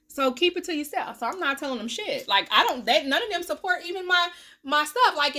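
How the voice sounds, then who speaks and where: A young woman, venting bluntly and with profanity in a candid vlog, her voice swinging from loud to a low mutter, with a cough now and then. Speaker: vlogger, self-styled life coach. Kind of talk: candid talking-to-camera vlog.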